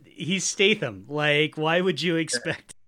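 A man hosting a podcast in casual chat, enthusiastic and quick to own up to slips. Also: fairly high pitch, sharp tone. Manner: enthusiastic, quick to laugh and admit mistakes. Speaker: podcast host.

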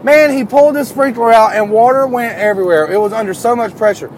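Guy telling work stories, high voice, gets loud and excited, faint street hum behind. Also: fast talker. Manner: animated, climbs higher and louder when worked up. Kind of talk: casual storytelling.

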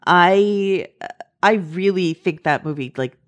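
A woman hosting a podcast, talking quickly and casually with lots of fillers. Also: on the low side. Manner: quick, chatty, many fillers. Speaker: podcast host. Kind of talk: casual panel chat.

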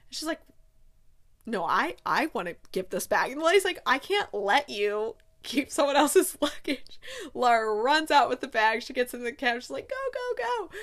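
Recapping a movie, this thirtysomething female reviewer keeps it casual and talkative, leaning on fillers and dropping into brief quoted lines. Her pitch is on the high side, with a fairly bright tone.

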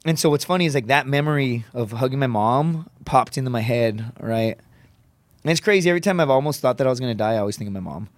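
Animated man telling a war story. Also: mid-range voice, fast, dry recording. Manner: animated, swearing, acting out quoted voices. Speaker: podcast guest, comedian and Marine veteran. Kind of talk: casual storytelling in conversation.

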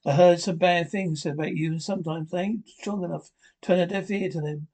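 A woman's voice: lowish voice, fairly even intonation, fairly quick, warm tone. An actress playing a frank, tender young country woman with a drawl, in a 1950s TV drama. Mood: earnest.

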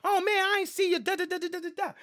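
A man voicing an angry woman driver who rants loudly and fast in a confrontation. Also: very high voice, steady tone, voice pushed up. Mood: heated. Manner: loud, rapid, heated ranting.

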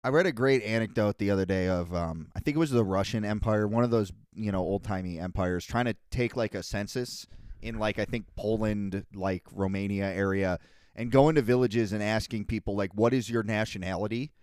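A man's voice: on the low side, brisk, darkish tone, clean tone, no room sound, studio quality. A man co-hosting a podcast, rambling through profane, meandering stories in casual banter. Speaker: podcast co-host.

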